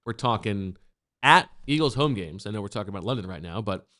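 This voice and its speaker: A man's voice: fairly low pitch, animated, brisk, bright, forceful tone. A man hosting a sports podcast, reading a sponsor spot and running the segments in a jokey, casual way. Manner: jokey, reads sponsor spots and leads the segments. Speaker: podcast host.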